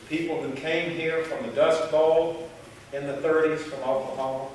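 A man from Tennessee with a Tennessee accent, a television host giving an enthusiastic, folksy speech to a college audience. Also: medium pitch. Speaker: television host speaking as a guest. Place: large echoey college hall. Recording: echoey hall, distant and noisy.

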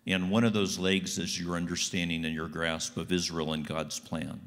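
A man's voice: low voice, flat delivery, moderate pace, a bit bright, in a large hall. A man giving a guest sermon in a church, folksy and conversational. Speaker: guest speaker. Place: church sanctuary.

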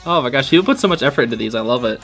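Hyped up guy reacting to fan vids, bright voice jumping all over, says dude constantly. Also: medium pitch, very fast, faint music behind. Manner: excitable, laughing, says "dude" a lot. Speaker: host reacting to fan videos. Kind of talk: casual reaction commentary.

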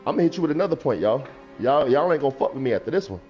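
Animated man riffing on a livestream. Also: medium pitch, fast talker, faint music behind. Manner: animated, preachy riffing on feelings, reads chat aloud. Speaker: gaming streamer. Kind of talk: casual livestream talk. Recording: lo-fi stream mic.

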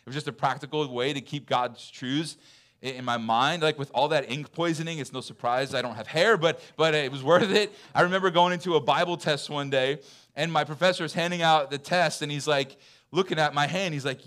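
A man in his thirties preaching a sermon in a church, chatty and full of fillers, dropping to soft, intense lows. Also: brisk. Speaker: pastor. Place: church hall.

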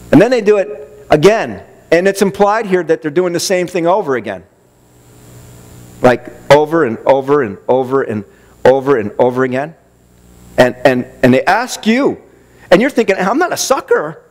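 Emphatic preacher, higher-pitched man. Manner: emphatic, builds long lists, acts out listeners' objections. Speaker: pastor. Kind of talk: sermon. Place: church.

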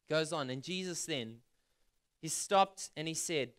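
Bright, clear-voiced man preaching. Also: on the high side, a little slow. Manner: conversational preaching, asks the audience questions; reads scripture aloud and retells it in plain words. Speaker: pastor. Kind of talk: sermon.

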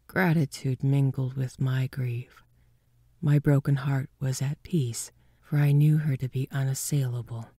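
Slow, husky woman narrator, hushed reading of a ghost story, often whispered. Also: rumbling low, no echo, studio quality.

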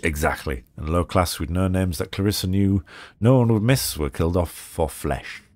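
A man voicing a weary male raccoon private eye in a low-key, tired manner. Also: normal speed, darkish tone, dry recording, natural voice.

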